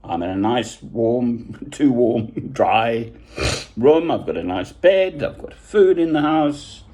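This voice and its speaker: Husky man musing aloud. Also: medium pitch, expressive, slow pace, warm tone. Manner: digressive, chuckling, self-deprecating. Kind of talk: casual rambling monologue.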